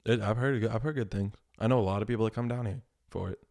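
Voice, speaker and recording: A male podcast guest in relaxed casual chat, joking at his own expense and laughing easily. His voice sits on the low side. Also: fast, gravelly. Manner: laid-back, self-deprecating, laughs often. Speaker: podcast guest, cooking creator.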